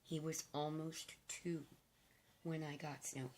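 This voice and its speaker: Hoarse, raspy older woman, low and slow. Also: little pitch movement, a little mellow, a little hiss or hum. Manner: rambling and heartfelt, with hesitant fillers. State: hoarse, nearly lost voice. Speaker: vlogger. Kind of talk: casual to-camera chat.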